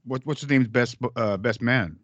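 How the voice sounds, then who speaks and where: Husky guy on a movie podcast, muffled dry mic, retells scenes doing the lines. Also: mid-range voice, normal speed, a bit bright, no room sound. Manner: storytelling, acts out quoted lines. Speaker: podcast co-host. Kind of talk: casual film discussion.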